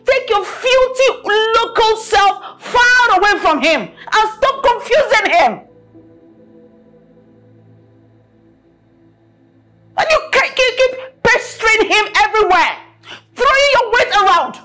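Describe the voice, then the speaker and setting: A woman's voice: fairly high pitch, sing-song, takes it slowly, pauses often, slightly rough, heavily acted. A Nigerian woman acting a domineering wealthy mother who scolds in repeated bursts. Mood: angry. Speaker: mother of the house. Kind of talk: film drama acting.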